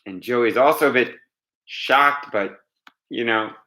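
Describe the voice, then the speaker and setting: Bright-voiced male storyteller. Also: mid-range voice. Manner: animated, dramatic pauses. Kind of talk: oral storytelling.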